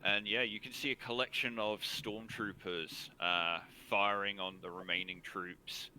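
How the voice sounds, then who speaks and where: A man running a tabletop game as game master, narrating the scene in a measured way with frequent pauses. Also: sits low, bright, forceful tone, slight background noise, rough recording.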